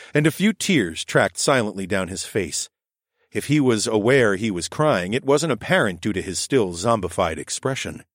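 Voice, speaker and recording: Lively low-voiced male narrator. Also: no echo, clean studio sound. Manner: expressive, lively storytelling. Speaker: audiobook narrator. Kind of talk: scripted narration.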